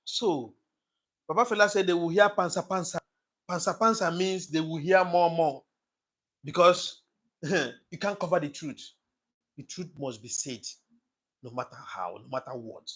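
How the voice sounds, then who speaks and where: Impassioned man, husky voice. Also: fairly high pitch, measured pace, long pauses, fairly bright tone. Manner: preachy, repetitive, emphatic. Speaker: commentator on his own channel. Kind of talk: impassioned political monologue.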